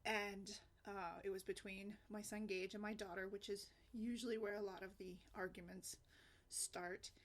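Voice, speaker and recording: A woman's voice: mid-range voice, little pitch movement, normal speed. A woman blogger casually telling a personal family story, rambling with fillers and frequent laughter. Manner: chatty, rambling, laughs often, many fillers. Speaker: single mom blogger.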